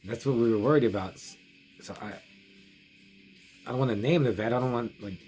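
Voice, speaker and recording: A man's voice: mid-range voice, a little fast, darkish tone. A middle-aged man casually telling a long story for his horror review vlog, rambling with many restarts and quoted asides. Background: music.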